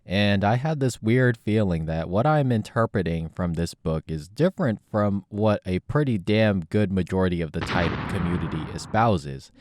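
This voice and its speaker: A man's voice: low voice, animated, moderate pace, few pauses, darkish tone, no echo, clean studio sound. A man talking reflectively to camera in a casual, thoughtful vlog monologue. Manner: thoughtful, casual, slightly sardonic. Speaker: YouTuber.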